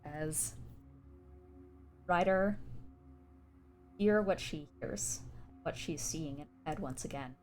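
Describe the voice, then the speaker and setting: Lower-voiced woman running a tabletop game. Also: slow, long pauses, soft background music. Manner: casual, giggly narration. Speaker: game master.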